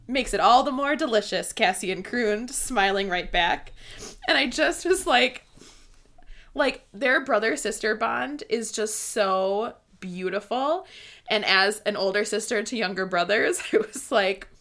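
A woman's voice: mid-range voice, lively intonation, slow pace, a bit bright. A young woman co-hosting a casual book discussion, bubbly and laughing often as she reads passages aloud. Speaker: podcast co-host.

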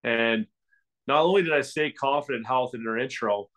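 A man's voice: mid-range voice, normal speed, fairly bright tone. A man co-hosting a podcast in casual chat, rambling along with frequent restarts and filler words. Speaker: podcast co-host.

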